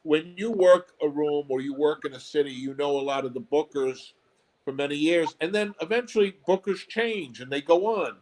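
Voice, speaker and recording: A man, a comedy club owner and guest, talking in a casual interview in a measured, thoughtful way. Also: on the high side, darkish tone, low-quality recording.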